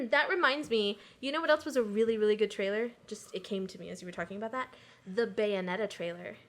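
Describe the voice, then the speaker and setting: A woman co-hosting a casual podcast chat, enthusiastic and quick to giggle. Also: mid-range voice. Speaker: podcast co-host.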